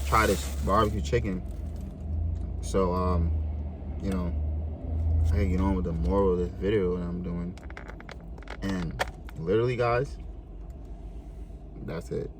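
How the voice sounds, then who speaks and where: Low-voiced young man telling a food story. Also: background noise. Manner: animated, joking, acts out both sides of an argument. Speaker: vlogger. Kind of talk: casual food vlog storytelling. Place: fast food restaurant.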